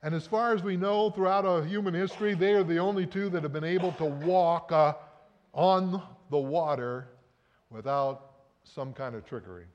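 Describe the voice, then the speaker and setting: A man preaching a sermon, emphatic, swelling and dropping his loudness for effect. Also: fairly high pitch, moderate pace, highs cut off. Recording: long reverb of a large hall.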